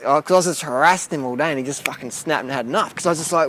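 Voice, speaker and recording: A man's voice: a little high, rapid-fire, few pauses, a bit bright, slight background noise. A man vlogging outdoors, ranting bluntly and profanely in a rambling way. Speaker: cycling vlogger. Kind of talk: casual rant to camera. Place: outdoors near a boat.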